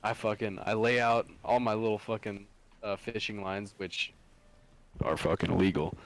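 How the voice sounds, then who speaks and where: A man's voice: fairly low pitch, moderate pace. Profane young man telling a story. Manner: profane, animated storyteller, laughs through lines. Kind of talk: casual storytelling chat.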